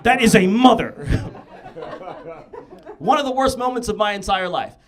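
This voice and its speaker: A young man performing a stand-up comedy set on a club stage, telling stories in an animated way with punchy asides. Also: sits high, normal speed. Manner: animated storytelling with punchy asides and frequent "you know what I'm saying".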